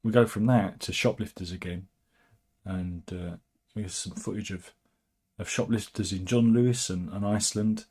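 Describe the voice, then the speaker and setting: A man's voice: lowish voice, fairly even intonation, moderate pace, darkish tone, breathy edge. A man hosting a casual, satirical news commentary, wry and chatty with frequent asides. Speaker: host.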